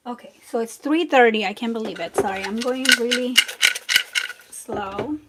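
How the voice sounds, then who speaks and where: A woman hosting a live crafting tutorial, chatty and relaxed, talking to viewers while she works. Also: fairly high pitch, normal speed, very noisy. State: a bit out of breath. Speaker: craft channel host.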